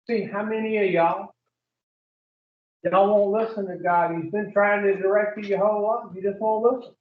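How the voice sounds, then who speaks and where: High-voiced man preaching bluntly in an echoey room. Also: fairly even intonation, normal speed, slight background noise. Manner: blunt and profane, peppers the group with questions. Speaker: addiction recovery speaker. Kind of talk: preaching-style group talk. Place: room with a group. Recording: echoey room, distant muffled mic.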